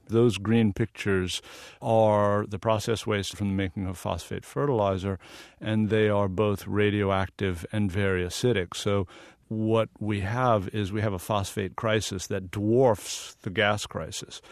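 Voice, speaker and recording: A man's voice: fairly low pitch, steady tone, moderate pace, gravelly, dry recording, clean studio sound. A middle-aged man from the American South, a photographer, talking earnestly in a radio interview and laughing easily. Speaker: photographer guest.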